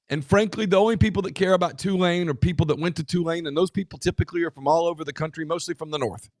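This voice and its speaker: A man co-hosting a casual sports talk show, talking in an emphatic way with quick asides and restarts. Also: fairly high pitch, no echo, clean studio sound. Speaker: podcast co-host.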